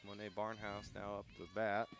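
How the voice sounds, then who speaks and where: Local play-by-play guy, brisk and factual, calling softball from a press box. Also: lowish voice, completely flat delivery. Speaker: play-by-play announcer. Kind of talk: play-by-play sports commentary.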